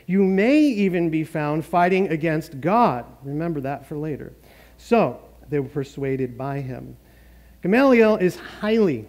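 A man's voice: a little high, darkish tone. A man preaching a sermon as pastor, in a joking, conversational way with frequent laughs.

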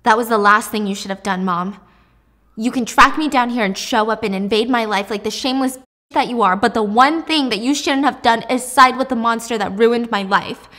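A heartbroken grown daughter accusing her mother, read out by a woman. Her voice is raised and emotional, with a fairly high pitch. It stays close to the reader's everyday voice. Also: quick pace, hardly any pauses, in a large hall. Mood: anguished.

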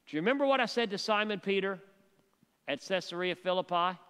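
A man's voice: sits high, expressive, brisk, clear, resonant tone, long reverb tail. A man doing God's patient, reassuring voice. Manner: gentle questioning, reassuring. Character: God, calm patient voice speaking to a worried pastor.

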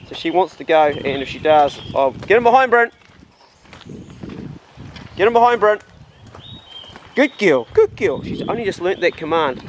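A talkative man with a fairly high voice explains his dog training while he works outdoors on rural land. He switches to bright, high-pitched praise and calls whenever he speaks to the dog. Faint outdoor noise sits behind him. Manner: chatty, explaining as he goes. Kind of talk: casual outdoor training demo.

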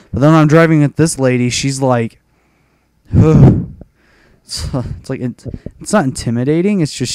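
Young man ranting casually, smooth dry voice. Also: medium pitch, a little mellow, no room sound. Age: young adult. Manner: rambling, profane, frustrated. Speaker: gaming commentator. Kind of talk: casual rant over gameplay.

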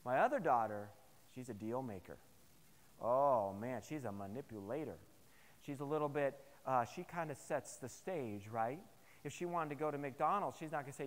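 A man preaching a sermon to his congregation, telling personal stories in an animated, humorous way. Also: medium pitch, moderate pace, big-room sound. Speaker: pastor. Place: chapel service.

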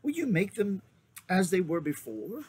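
A curious, polite young girl, as a male reader puts her on, asking things in a light, earnest way. The reading bounces with lively pitch. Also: a little slow, a little hiss or hum. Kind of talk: storybook read-aloud.

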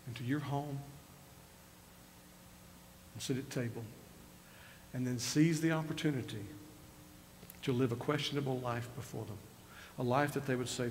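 Older pastor preaching, gravelly voice. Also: male voice, mid-range voice, fairly even intonation, normal speed, long pauses, slight background noise. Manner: conversational preaching, retells scripture with rising emphasis. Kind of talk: sermon. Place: church sanctuary. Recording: reverberant church hall with faint ambience.

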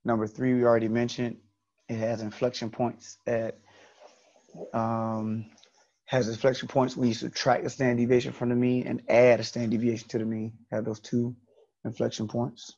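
A man's voice: medium pitch, flat delivery, normal speed, warm tone, muffled recording. A man teaching an online statistics class, explaining step by step and repeating key points.

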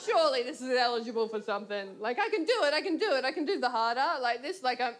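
A woman's voice: sits high, expressive, quick pace, few pauses, a little hiss or hum. A woman comedian, doing a chatty, self-mocking stand-up set on stage. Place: theatre stage with a laughing audience. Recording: live stage recording with loud audience.

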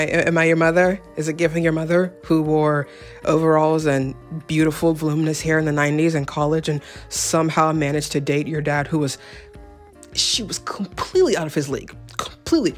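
Rambling jokey young woman vlogger. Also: sits low. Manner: rambling, self-deprecating, jokey asides. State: out of breath. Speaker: fashion vlogger. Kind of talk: casual chatty vlog.

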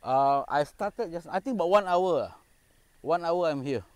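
A man's voice: a little high, expressive, measured pace, dry recording. Man, Singaporean English accent, casual live-stream chat, jokey banter, outdoors at night in a park. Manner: jokey, banters with spirits, mixes in Malay phrases. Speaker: paranormal explorer live-streaming.

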